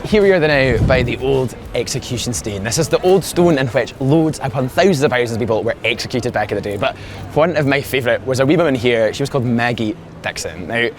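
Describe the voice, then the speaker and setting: A man with a Scottish accent telling stories as a lively tour guide out on the streets. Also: fast, music in the background. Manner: animated storyteller, rises in pitch for punchlines. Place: outdoors on city streets.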